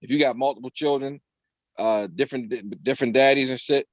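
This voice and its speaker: A man co-hosting a casual panel debate over a video call, animated and joking, swearing freely and repeating himself. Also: medium pitch, a little fast, no echo. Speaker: talk show co-host. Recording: dull lo-fi video call audio.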